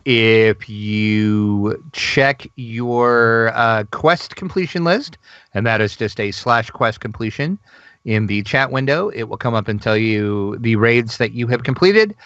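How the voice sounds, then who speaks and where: A man co-hosting a casual gaming news podcast, excitable and gushing, laughing often. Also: mid-range voice, takes it slowly, smooth, no room sound, dull audio. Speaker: podcast co-host.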